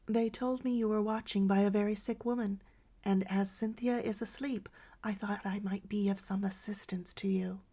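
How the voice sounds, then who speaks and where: A woman's voice: fairly even intonation, normal speed, dark tone, close to an everyday voice. A woman voicing a grief-stricken lady who cries out wildly for her stolen daughter in an audiobook. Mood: gentle. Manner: wild, sobbing, high-pitched cries.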